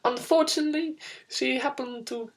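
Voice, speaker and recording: A woman's voice: high voice, normal speed. A young woman in her teens hosting a spoof news show, goofy and rambling, breaking into giggles. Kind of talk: mock news presenting.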